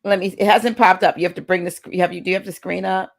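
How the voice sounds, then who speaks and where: A woman hosting a video call, quickly talking her guest through a task. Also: fairly low pitch, steady tone, gravelly. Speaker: host. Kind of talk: casual chat on a video call.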